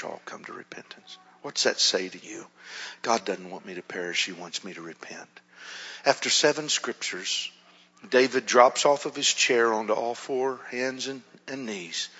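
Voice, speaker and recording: A male pastor telling stories in a sermon, dropping to a hush and then rising loud and animated. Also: medium pitch, slightly rough. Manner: animated storytelling, swings from hushed to loud. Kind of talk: storytelling sermon. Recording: muffled hall reverb.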